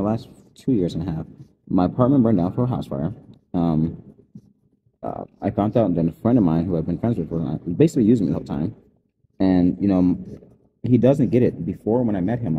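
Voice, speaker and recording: A man's voice: low-pitched, breathy edge, highs cut off. A man telling his own story in an unscripted, rambling monologue, aggrieved and agitated, jumping from one event to the next.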